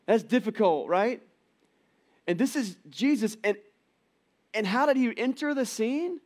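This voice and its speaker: A middle-aged man giving a conversational church sermon, telling the story with animated quoted voices. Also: high voice, unhurried. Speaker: pastor. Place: church auditorium.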